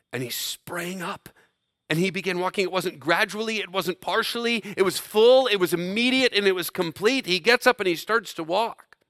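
A man preaching with a bright, forceful voice that sits a little high for a man. His delivery swings from loud, emphatic bursts to hushed, slowed lines. The sound is dry and close, with no room echo. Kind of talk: sermon.

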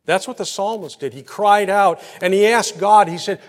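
A man preaching a sermon, telling everyday stories and swinging from soft, quiet passages to loud, emphatic peaks. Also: high voice, normal speed, few pauses. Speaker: pastor. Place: church. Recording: long hall reverb.

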